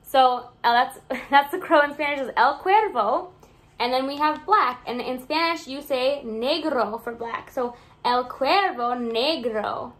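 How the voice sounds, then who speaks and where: A woman's voice: sits high, a bit bright. A young woman teacher reading a picture book aloud to young children, sing-song and encouraging, asking them questions as she goes. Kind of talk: children's read-aloud lesson.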